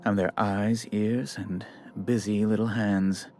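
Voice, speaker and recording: A man's voice: fairly low pitch, little pitch movement, slow. An actor voicing a fussy, condescending male corporate bureaucrat in a video game, with a prim, theatrical delivery. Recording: soft game music behind.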